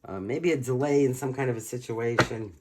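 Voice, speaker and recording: Brooklyn guy w a new york accent, hoarse, keeps clearing his throat, chatty tarot reading, faint noise in the background. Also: mid-range voice, fairly quick. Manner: chatty and emphatic, repeats himself, clears throat often. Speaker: tarot reader. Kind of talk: casual tarot reading to camera.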